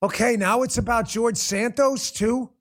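High-voiced man ranting bluntly. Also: fairly even intonation, measured pace. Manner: blunt, profane, exasperated ranting; addresses viewers in the chat directly. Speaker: political commentary host. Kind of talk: livestream commentary rant.

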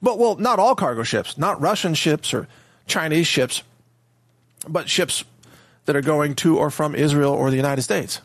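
A man's voice: on the high side, animated, normal speed, no echo, studio quality. A man giving a casual, opinionated monologue on world affairs, mocking how others pronounce place names. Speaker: political commentator.

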